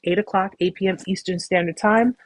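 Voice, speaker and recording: A woman hosting a live stream, talking casually and at length, warmly repeating reassurances to her viewers. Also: medium pitch, fairly even intonation, brisk, no echo. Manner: warm, effusive, repetitive reassurance; talkative, rambling with restarts. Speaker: host of a support live stream.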